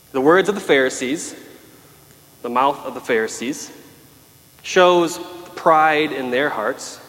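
A man's voice: mid-range voice, a bit bright. Male preacher, emphatic sermon delivery, voice ringing in a big reverberant hall. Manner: emphatic, dramatic voicing of pleas.

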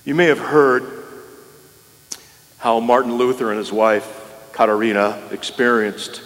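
A man preaching a sermon, earnest and measured, with solemn pauses. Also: medium pitch, flat delivery, a bit bright, long reverb tail. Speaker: pastor.

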